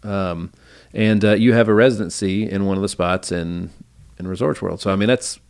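A podcast host runs a casual interview with enthusiasm, rambling and frequently restarting his sentences. He has a low, clear, resonant voice at a normal pace.

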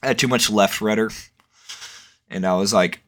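A man's voice: lowish voice, normal speed, fairly bright tone, slight background noise. A young man in casual chat, rambling and swearing, with lots of fillers. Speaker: podcast co-host.

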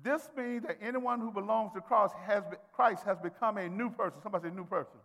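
A high-pitched preacher man delivering a call-and-response sermon. His voice swings from soft asides to ringing shouts, with a long reverb from the church sanctuary. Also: moderate pace, vocal fry. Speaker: pastor.

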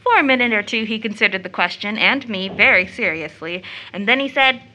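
Woman voicing young woman, playful, impulsive, gushing, teasing, bright forceful voice, stage play reading. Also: medium pitch, animated, brisk, a little hiss or hum, poor audio. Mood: excited.

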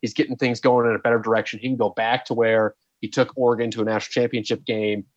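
A man's voice: fairly low pitch, fast talker, no room sound. A man co-hosting a podcast, chatting casually about college football and often breaking into laughter and disbelief. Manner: animated, laughing, exclaims in disbelief. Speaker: podcast co-host. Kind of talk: casual sports chat. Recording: dull, slightly lo-fi dry sound.

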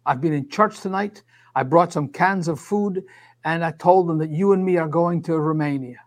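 Minister in his sixties, high-pitched, animated storyteller who acts out every exchange. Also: normal speed. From Scotland. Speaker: minister and author. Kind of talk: storytelling testimony. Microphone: studio microphone.

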